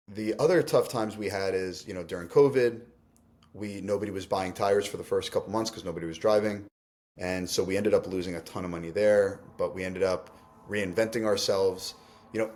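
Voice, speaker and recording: A man with a low-pitched voice speaks as an interview guest. He talks candidly and reflectively, in quick bursts full of restarts and "like". The tone is conversational. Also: darkish tone. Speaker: company CEO, interview guest.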